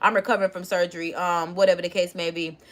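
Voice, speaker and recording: A woman's voice: on the low side, quick pace. A young woman vlogger telling a personal story casually and expressively, talking straight to her viewers. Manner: expressive, chatty, addresses viewers directly. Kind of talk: casual storytime to a live chat.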